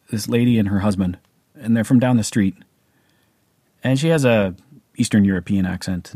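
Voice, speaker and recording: A man's voice: on the low side, darkish tone, slightly rough, no room sound, clean studio sound. A middle-aged man with a Canadian accent, telling a personal story in a casual, rambling way with many fillers and restarts. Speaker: vlogger.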